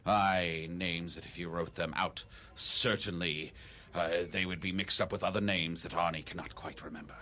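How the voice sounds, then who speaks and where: A man's voice: deep voice, steady tone, normal speed, pushed and bright. A man playing a grandiose, pompous male wizard who speaks in archaic language on an improvised comedy podcast.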